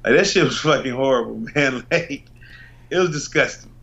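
A man's voice: mid-range voice, moderate pace, creaky, a bit bright, highs cut off. A man co-hosting a podcast, talking in a laid-back, profane, laughing way. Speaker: podcast co-host. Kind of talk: casual chat.

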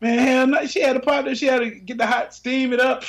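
A man's voice: steady tone, fairly quick, a bit bright. A man co-hosting a casual, crude podcast chat, loose and slangy, often laughing. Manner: loose, slangy, laughing, drops low then jumps high. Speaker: podcast co-host.

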